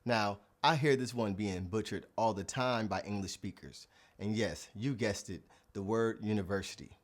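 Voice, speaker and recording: Here a Spanish teacher, a man with a somewhat low voice, works through a scripted lesson in a clear, deliberate manner. Whenever he reaches an example word, he slows and draws it out.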